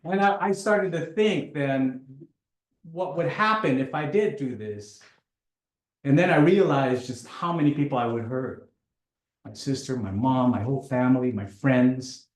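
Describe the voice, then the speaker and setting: A man telling a personal story in a halting way, often repeating words, with dark self-mocking humor. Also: medium pitch, echoey room.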